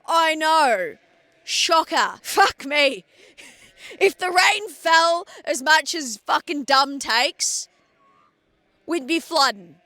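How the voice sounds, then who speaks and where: Speaking extremely slowly in a high, expressive, sharp-toned voice, this Australian farmer vlogs into her phone outside on her sheep farm. The chat is casual, blunt, and full of sarcasm and swearing.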